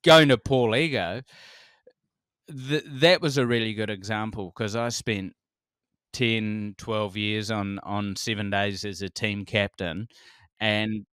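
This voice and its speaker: A man in his forties with a New Zealand accent, a comedian telling stories as a podcast guest, animated, laughing often and swearing freely. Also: fairly low pitch, slow, clean tone, no echo, clean studio sound. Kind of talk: casual conversation.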